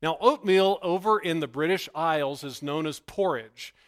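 A man preaching as pastor, who prays softly and then tells stories with animated, emphatic bursts. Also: moderate pace. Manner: animated storytelling, rising to loud emphatic bursts; hushed, low prayerful delivery. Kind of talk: sermon with opening prayer.

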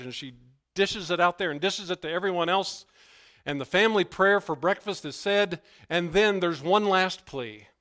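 A man preaching as pastor, who prays softly and then tells stories with animated, emphatic bursts. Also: normal speed. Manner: animated storytelling, rising to loud emphatic bursts; hushed, low prayerful delivery. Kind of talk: sermon with opening prayer.

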